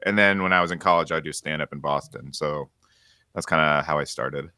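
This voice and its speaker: A man's voice: a bass voice, fairly quick, pushed and bright, no room sound, studio quality. A man in his thirties from the San Francisco Bay Area, a comedian guest chatting casually and laughing often. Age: 30s. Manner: laid-back, laughs and trails off often. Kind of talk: casual podcast chat.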